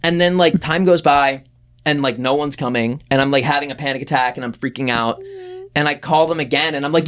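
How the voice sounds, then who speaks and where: A young man in his twenties, a podcast producer, telling a story in casual chat and jumping up in pitch as he acts out what people said. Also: normal speed. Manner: animated, acts out quoted voices with big pitch jumps.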